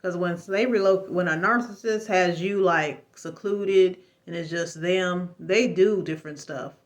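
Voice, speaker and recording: A woman's voice: on the low side, a little slow. A woman telling her own story in a casual, emphatic testimony, rambling and preachy, with religious exclamations. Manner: rambling with frequent fillers and restarts. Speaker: vlogger sharing a personal story.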